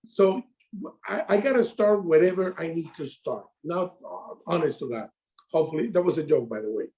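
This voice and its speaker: A middle-aged man speaks English with a Latino accent, telling his story with animated, broken phrasing. His voice sits a bit high for a man, with a gravelly edge and a mellow, dark tone. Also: normal speed. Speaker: insurance advisor. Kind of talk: casual call talk.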